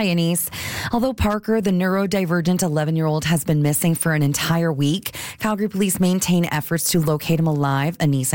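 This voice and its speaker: A woman from the newsroom reads the headlines quickly in a somewhat low voice. Her delivery is brisk and clear, recorded close and dry. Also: darkish tone, no room sound. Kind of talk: news update.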